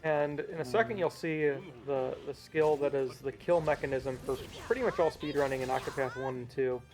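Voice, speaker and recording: A man's voice: medium pitch, brisk, over music. A man giving casual speedrun commentary, explaining mechanics with hesitant fillers.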